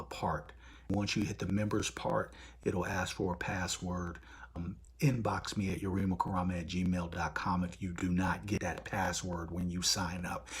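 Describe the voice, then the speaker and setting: A man hosts a live stream, talking casually and telling stories in a blunt, profane, animated way. His voice is low-pitched and slightly rough.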